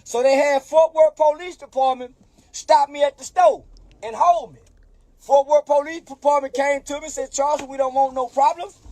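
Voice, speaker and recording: A very high-pitched man with a warm tone tells a profane story at a moderate pace, with no room sound. Drawling, he acts out the dialogue by taking on the voices of the people involved, as a storyteller in a played clip.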